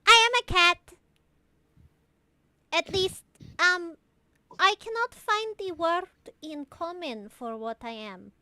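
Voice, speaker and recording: Woman playing a high, bright cat-person woman. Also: slow pace, long pauses, no echo, full character voice. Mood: cheerful. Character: talking cat-person woman, playful and sly.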